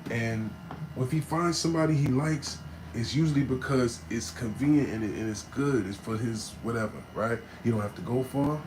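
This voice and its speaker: A man's voice: moderate pace, noisy background. A man telling a personal story in a casual, slang-filled way, checking in with "right?" and "you know what I'm saying" as he goes. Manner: swings between low muttering asides and loud emphatic bursts.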